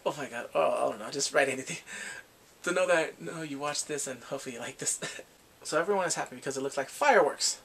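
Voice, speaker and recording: A man recapping episodes of a TV drama in a casual vlog, animated and quick to act out scenes with squeals and laughs. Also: on the high side, gravelly, husky. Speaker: drama reviewer.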